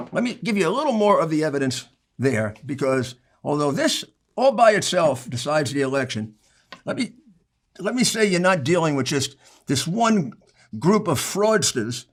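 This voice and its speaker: A man giving a political speech, emphatic and building to forceful outbursts. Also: a little high, sing-song, unhurried, pauses often. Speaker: speaker addressing lawmakers.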